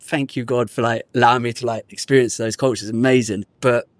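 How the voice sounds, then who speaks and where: A man's voice: mid-range voice, steady tone, a little fast, no room sound. A man talks casually on a podcast, with a mid-range voice in a dry, close-miked sound. He tells his story with plenty of energy, slips into street slang and acts out the people he quotes. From United Kingdom. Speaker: guest.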